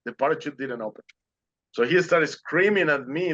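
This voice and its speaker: A man's voice: a little high, moderate pace, fairly bright tone, muffled recording. A man speaking as an interview guest, telling his story earnestly and animatedly in non-native English phrasing over a video call.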